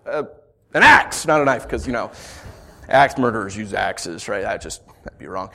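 A man preaching a sermon, animated and acting out the story in voices. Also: sits high, a little fast. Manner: animated, acts out the scenes in voices. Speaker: pastor.

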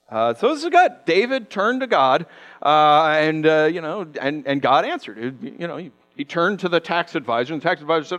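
Animated pastor preaching a lively sermon. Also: male voice, a little high, brisk. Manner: animated, conversational, acts out quoted voices.

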